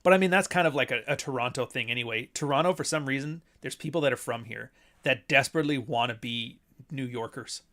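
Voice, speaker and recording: Stream host, male, average pitch, talks in loose profane rambles, blunt delivery. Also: fast talker, fairly bright tone. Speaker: host, author. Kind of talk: casual livestream chat. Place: home near Toronto.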